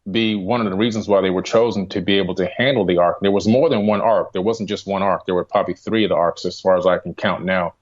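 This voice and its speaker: A man's voice: low-pitched, steady tone, fast talker, hardly any pauses. A man, a guest author, giving earnest, explanatory answers in a radio interview, with frequent fillers. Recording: muffled lo-fi radio audio.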